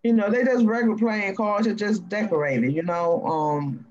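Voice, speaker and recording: A woman with a Cajun accent hosting a casual live stream, rambling in a folksy way with drawn-out fillers. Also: mid-range voice, darkish tone, dull audio. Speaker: live-stream host reading cards.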